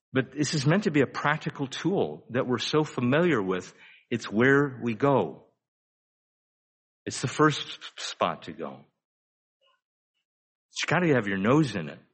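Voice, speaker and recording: An older man giving a conversational sermon as a pastor, asking rhetorical questions and slowing down for emphasis. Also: medium pitch, a bit bright, breathy edge.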